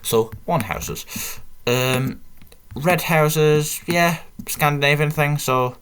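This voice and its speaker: Speaking extremely slowly in a smooth, fairly bright, slightly high voice, a British gaming channel host offers chatty, wandering gameplay commentary. He pokes fun at himself throughout with jokey asides.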